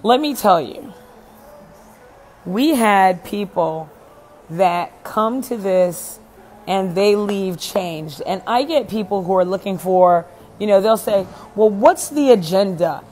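A woman's voice: mid-range voice, slow, darkish tone, a little hiss or hum. Blunt, swearing woman host. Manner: blunt, emphatic, swears freely. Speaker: event host and speaker. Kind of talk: casual live chat to viewers.

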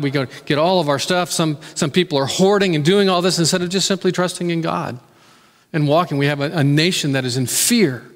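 A man's voice: fairly high pitch, in a large hall. A man preaching a sermon as pastor, in an earnest, conversational way, often restarting his words and acting out quotes. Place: church sanctuary.

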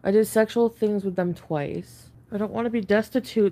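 Woman vlogger, mid pitch, high on an edible, rambling confessional rant thick with fillers and profanity. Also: moderate pace, few pauses, a little mellow. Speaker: online video creator.

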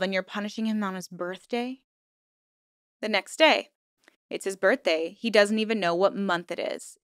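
Young woman ranting thru true crime commentary, smooth voice, dry close sound, says like a lot. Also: mid-range voice, fairly bright tone, dry recording. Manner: indignant, emphatic, heavy use of "like". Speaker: commentary channel host.

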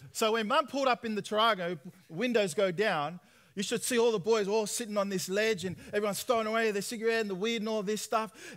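A man, preaching a personal testimony sermon in lively storytelling style, acting out dialogue. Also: sits high. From Australia. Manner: animated storytelling, acts out dialogue with laughs.

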